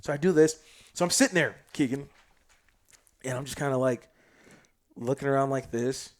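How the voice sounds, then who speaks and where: Speaking at a moderate pace in a mid-range voice, a man from South Sudan tells a story as a guest on a podcast. The chat is casual, and he stays animated and full of slang, shifting from loud outbursts to quiet asides.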